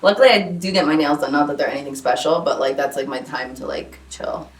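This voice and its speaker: Low-voiced woman with a New Jersey accent. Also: reverberant, distant mic, low-quality recording. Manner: chatty, upbeat, quick to agree. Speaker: beauty YouTuber host. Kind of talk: casual chat.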